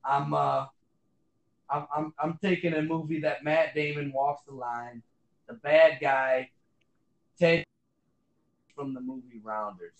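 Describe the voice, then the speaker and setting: A man's voice: fairly high pitch, steady tone, slow pace, vocal fry, pauses often, roomy sound, low-quality recording. A man co-hosting a casual podcast, rambling with lots of fillers and swearing. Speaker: podcast co-host. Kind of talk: casual chat.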